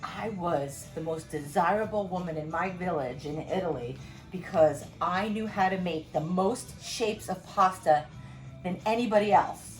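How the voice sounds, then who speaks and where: A woman's voice: on the low side, natural voice, poor audio. A woman voicing an elderly woman who is a fond and teasing grandmother, told within a story. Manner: fond, matter-of-fact teasing.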